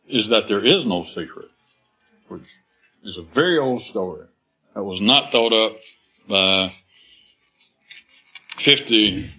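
A man's voice: lowish voice, pushed and bright, rough recording. A man speaking to a live audience in a rambling, philosophical way, acting out quoted voices and laughing as he goes.

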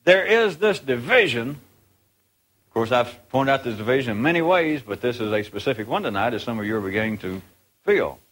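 A man's voice: medium pitch, sing-song, brisk, a bit bright. A man speaking to a live group in a rambling, conversational way, acting out the voices of the people in his stories. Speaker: speaker addressing a live audience. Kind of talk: unscripted talk to a group.

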